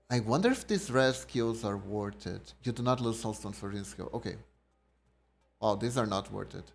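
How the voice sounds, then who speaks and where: With a lowish, creaky voice, a man live-streams a card game. He reads the card text aloud and chats casually with his viewers.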